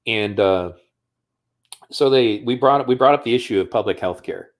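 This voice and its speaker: A man's voice: fairly low pitch, moderate pace. A man from the United States talking casually on a livestream, telling a personal story in a profane, conversational way. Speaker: streamer.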